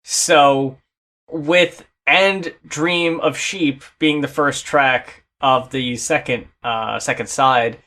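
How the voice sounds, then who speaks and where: A man's voice: medium pitch, fairly even intonation, slow, sharp tone. A man co-hosting a casual album reaction talk, enthusiastic and swearing, at times reading notes aloud. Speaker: co-host reviewing albums.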